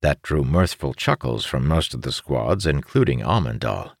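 A man narrating a fantasy audiobook in a measured, expressive storytelling manner. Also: a bass voice, creaky, dry recording, clean studio sound.

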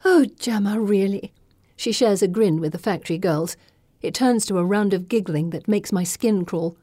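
A woman giving measured first-person audiobook narration. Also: fairly low pitch, dark tone, no echo, clean studio sound.

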